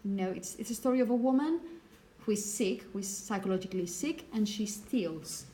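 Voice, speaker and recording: A woman teacher giving a relaxed, hesitant lecture with frequent check-ins, whose first language is Spanish. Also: medium pitch, a little fast, rough recording. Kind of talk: recorded lecture.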